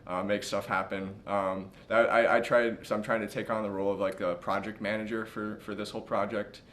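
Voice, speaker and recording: A man's voice: on the low side, level tone, brisk, fairly bright tone. A young man working as a project manager who talks casually and rambles with lots of fillers and restarts. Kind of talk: casual talk.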